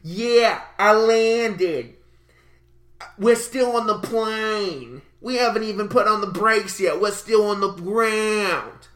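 A young man imitating a loud old woman with a thick accent and a smoker's voice, shouting into her phone. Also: sits high, takes it slowly. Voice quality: smoker's voice, husky.

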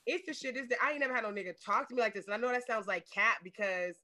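Bright-voiced woman in blunt podcast chat. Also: fairly high pitch, very fast. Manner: candid, profane, laughs often. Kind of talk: casual chat.

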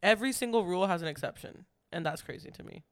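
A man co-hosting a podcast in casual chat, chatty and quick to laugh, with lots of fillers. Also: high-pitched, clear, resonant tone, no room sound, clean studio sound. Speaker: podcast co-host.

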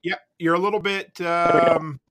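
A man hosting a live call-in podcast, chatting casually and relaxed, with the odd curse word. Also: on the high side, unhurried, heavy background noise. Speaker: podcast host taking live calls.

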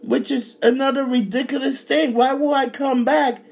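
Gravelly man in a furious profane rant. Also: very high voice, fairly even intonation, moderate pace.

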